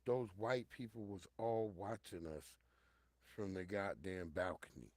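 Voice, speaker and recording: A middle-aged man hosting a show, telling a personal story in a casual, profane monologue, talking straight to his listeners and swinging from loud outbursts to hushed low tones. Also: big pitch swings, a little slow, no room sound, clean studio sound. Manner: addresses listeners directly and repeatedly.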